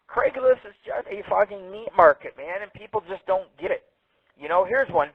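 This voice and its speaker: A man's voice: sits high, lively intonation, moderate pace, dry recording. A man hosting a radio show, ranting crudely and mocking what he reads aloud, profane and loose. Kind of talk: crude comedic radio rant. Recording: dry, phone-like narrow radio sound.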